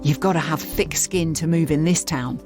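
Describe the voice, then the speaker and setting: An English woman presenting and narrating a documentary in a lively storytelling style. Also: deep voice, normal speed. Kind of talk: scripted narration. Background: faint music.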